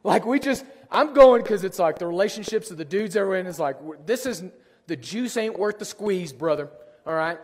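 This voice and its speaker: A man with a hoarse, worn-out voice preaching a sermon, telling self-deprecating stories with jokes. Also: high-pitched, normal speed. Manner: self-deprecating storytelling, lively and joking. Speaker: pastor. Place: church sanctuary. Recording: long hall reverb.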